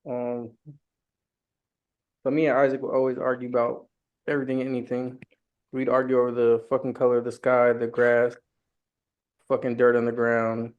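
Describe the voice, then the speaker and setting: A man from New York, mid-pitched, telling stories in a casual podcast chat. He swears freely and acts out what his friends said. The sound is a little dull, as from a lo-fi recording. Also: completely flat delivery, normal speed, pauses often. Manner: profane, storytelling, imitates friends. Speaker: podcast co-host.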